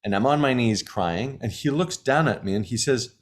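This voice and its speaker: A man's voice: mid-range voice, moderate pace. A man teaching about energy work in a casual talk, emphatic and fond of repeating key phrases. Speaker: shamanism teacher.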